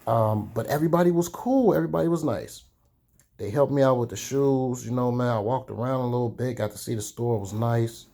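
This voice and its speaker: Telling his story to vlog viewers, a young sneaker vlogger from Chicago sounds warm, mellow, and a touch creaky at a normal pitch. He's candid and chatty, stretching out his pauses.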